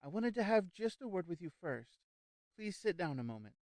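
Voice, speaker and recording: A man's voice: sits high, very animated, moderate pace, a little mellow, no room sound, pitched above the performer's own voice. A man voicing an anxious, fussy society lady who hesitates and stumbles over her words. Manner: nervous, hesitant, stammering repeats.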